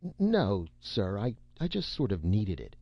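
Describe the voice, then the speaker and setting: A man's voice: fairly low pitch, lively intonation, normal speed, husky, dry recording, lo-fi sound. A man voicing an anxious, defensive boy who stammers and hesitates, in an audiobook reading. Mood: flustered.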